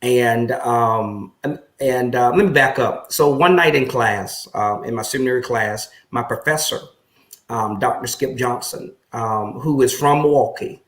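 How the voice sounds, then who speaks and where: A man who is a pastor, telling his story in an interview in an earnest, reflective way that grows lively when he recounts conversations. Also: medium pitch, a little slow. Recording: echoey room.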